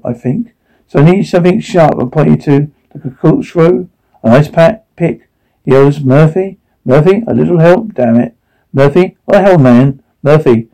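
A man reading out a drama's dialogue along with its sound cues, in one even voice. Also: medium pitch, gravelly, rough recording.

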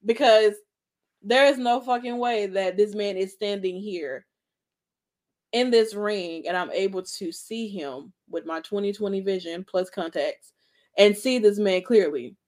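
A woman talks with big, emphatic energy, her voice rising on excited bursts and dropping on asides. Her pitch is middle for a woman. She sounds like a co-host in a casual chat show. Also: a little slow. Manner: animated, emphatic, swings between loud and soft. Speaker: aftershow co-host.

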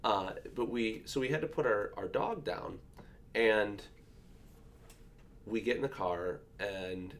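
A man in his thirties, a father, chatting casually and reflectively about parenting, telling stories with frequent restarts. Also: on the low side. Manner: reflective, storytelling, halting restarts. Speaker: podcast co-host, father. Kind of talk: casual chat.

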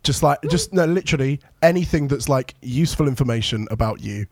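A man co-hosting a podcast in casual chat, playful and teasing, quick to laugh. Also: medium pitch, lively intonation, darkish tone, no echo, studio quality. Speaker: podcast co-host.

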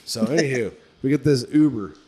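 A man of middle pitch telling a story on a casual podcast, loose and profane. He keeps saying dude, and his voice jumps way up when he acts out his own panicked lines. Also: fairly quick, darkish tone. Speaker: podcast co-host.

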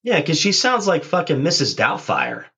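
A man bantering in profane improv comedy, loud and animated, with squeaky outbursts. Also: normal speed, husky. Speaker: co-host.

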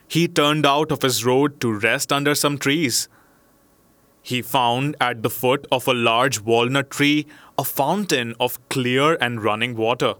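A man narrating a classic storybook in a measured, expressive way. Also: mid-range voice, no room sound.

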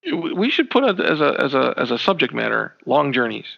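Gravelly man chatting with laughs. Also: mid-range voice, a little fast. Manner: laughing, animated, acts out quotes. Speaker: podcast co-host. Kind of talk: casual podcast chat. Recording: dull lo-fi sound.

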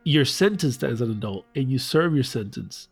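A man's voice: mid-range voice, lively intonation, moderate pace, creaky, breathy edge, soft background music. A man retelling a story in casual chat, loose and profane, acting out the voices.

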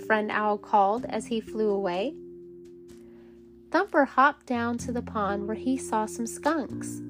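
A woman reading a bedtime story aloud to children, gentle and calm. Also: a little high, measured pace, soft background music. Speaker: storybook reader.

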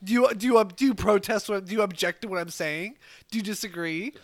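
A man's voice: high-pitched, quick pace, a bit bright. A man co-hosting a casual podcast at home, rambling and swearing, laughing often and tripping over words. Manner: rambling, profane, laughs a lot, stumbles on words. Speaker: podcast co-host. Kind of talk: casual chat. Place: home, indoors. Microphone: podcast mic.

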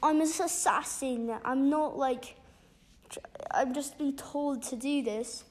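A woman's voice: high voice, slow pace, a little hiss or hum. Woman putting on a flirty British dragon assassin. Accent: put-on British.

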